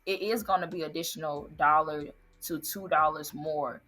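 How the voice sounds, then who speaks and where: A woman's voice: deep voice, fairly even intonation, normal speed, sharp tone. A woman who owns an ice cream business, answering interview questions earnestly and politely. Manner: earnest, answers with "yes, sir". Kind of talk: interview guest.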